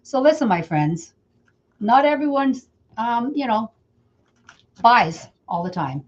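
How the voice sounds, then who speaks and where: A woman's voice: a little high, sing-song, takes it slowly. A middle-aged woman from Canada teaching wreath making in a casual live stream, chatting with viewers by name as she works. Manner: chatty, talks to viewers by name while working. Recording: slightly dull lo-fi sound.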